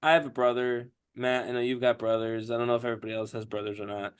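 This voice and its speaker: Podcast host guy, talks in a rambling hesitant way, lots of ums, mid pitch. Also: level tone, fast talker, clear, resonant tone. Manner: rambling, hesitant, many fillers and laughs. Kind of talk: casual chat.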